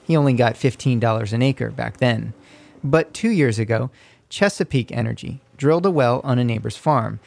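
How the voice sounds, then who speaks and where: A man reporting a radio news feature in a measured, scripted narration, recorded at a studio mic. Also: medium pitch, creaky, darkish tone, no room sound.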